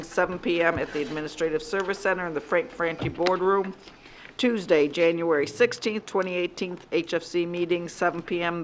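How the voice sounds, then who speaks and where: Woman, low voice, school board meeting, steady reading of dates and places, faint hum. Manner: reads dates and places in a steady listing cadence. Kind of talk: board meeting report and announcements. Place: public boardroom.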